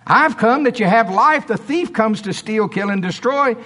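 Jesus, bold and commanding, voice climbing high and strong, as a preacher acts him out. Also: male voice, lively intonation, normal speed, pushed and bright, big-room sound, heavily acted. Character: Jesus, a commanding, assured male speaker.

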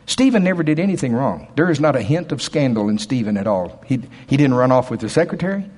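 A man preaching a sermon in a folksy, emphatic way, dropping to quiet asides and rising to loud, shouted passages. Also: mid-range voice, animated, quick pace, breathy edge. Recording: long hall reverb.

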